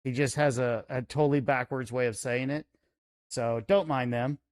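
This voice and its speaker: A man's voice: medium pitch, steady tone, moderate pace. A man hosting a casual group voice chat, reading viewer comments and teasing the others playfully.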